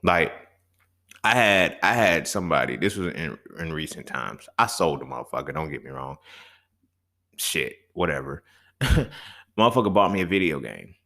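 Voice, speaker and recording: A man's voice: extremely low pitch, sing-song, normal speed, creaky, pushed and bright. A man in his thirties hosting a solo talk show, speaking in a loose, slangy, profane way and acting out back-and-forth dialogue. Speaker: podcast host. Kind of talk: casual monologue.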